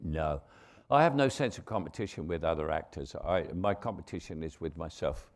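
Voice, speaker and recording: An older man with a London Cockney accent, a veteran actor telling anecdotes on stage as a relaxed raconteur. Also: deep voice, fairly quick. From England. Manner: relaxed raconteur, frequent restarts and chuckles.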